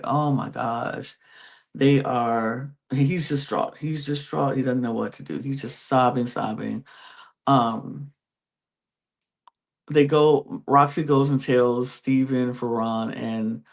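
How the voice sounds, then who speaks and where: A podcast host with a gravelly, fry-tinged, medium-pitched voice chats unhurriedly through a reality-show recap. As he retells scenes, he keeps slipping into quick impressions of the contestants' quoted reactions.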